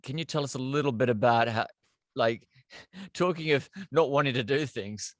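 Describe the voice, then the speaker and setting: A man interviewing a guest, asking questions in a halting, hesitant way. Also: medium pitch, dry recording, studio quality.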